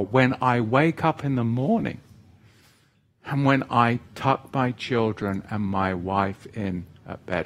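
A man preaching a sermon, animated and asking his congregation rhetorical questions, swinging between loud exhortation and hushed asides. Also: mid-range voice.

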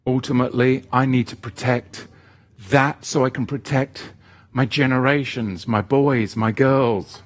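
A man preaching a sermon, emphatic and repetitive, swinging between loud exhortation and quieter asides. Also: medium pitch, steady tone, measured pace.

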